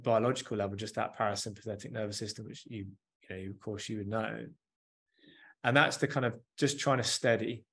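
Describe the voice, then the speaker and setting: A man's voice: mid-range voice, a bit bright. Male, 30s, coach or therapist guest, earnest and reflective, casual interview delivery. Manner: earnest, reflective, leans on "like" and "you know". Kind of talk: candid conversational interview.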